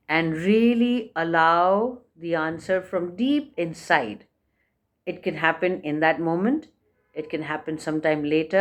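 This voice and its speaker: A woman presenting an instructional walkthrough of a journal, talking conversationally in a gentle, encouraging way and often checking in with the listener. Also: lowish voice.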